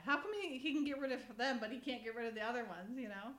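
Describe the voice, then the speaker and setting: A woman's voice: a little high, fast talker, roomy sound. A woman in casual chat, animatedly retelling a TV episode and acting out the characters' lines between laughs. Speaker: co-host recapping a TV episode.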